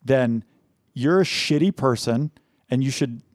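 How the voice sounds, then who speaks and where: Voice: medium pitch, measured pace, darkish tone, dry recording, studio quality. A podcast co-host in casual chat, venting frustration with plenty of swearing.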